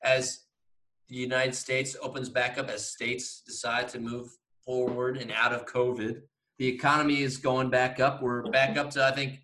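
A man's voice: medium pitch, little pitch movement, moderate pace, bright, forceful tone, slight background noise, low-quality recording. A man co-hosting a casual podcast, giving an upbeat, rambling rundown of news. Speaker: podcast co-host. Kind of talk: casual chat.

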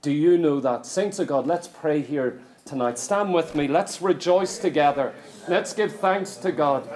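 A man's voice: a little high, a little slow, darkish tone. A man preaching a sermon in a church, emphatic and full of rhetorical questions to the congregation.

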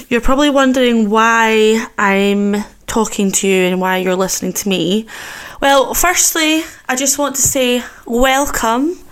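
A woman's voice: on the high side, a bit bright. A chatty, giggly woman of twenty-five, hosting a solo podcast and nervously poking fun at herself. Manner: chatty, giggly, self-mocking. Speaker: podcast host.

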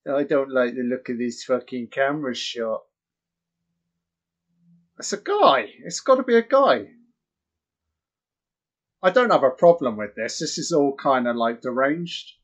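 A man giving crude, excitable, mocking live commentary on a horror film. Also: medium pitch, measured pace, long pauses. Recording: dull lo-fi audio.

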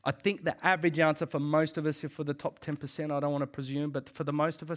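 A man's voice: a little high, little pitch movement. Emphatic man preaching a sermon. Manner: emphatic, repeats phrases, quick laughs. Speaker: pastor.

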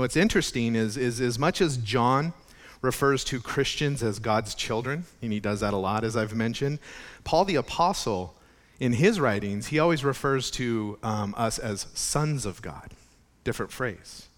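A man's voice: mid-range voice, expressive, measured pace. A male pastor preaching a conversational sermon, talking casually with frequent restarts and asides.

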